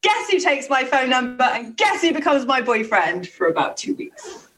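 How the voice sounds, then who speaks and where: A woman's voice: high-pitched, sing-song, moderate pace, fairly bright tone, far from the mic, rough recording. A young woman telling stories in casual chat. She acts out the quotes and uses many fillers and restarts. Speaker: podcast co-host telling stories. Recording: voice a little off-mic.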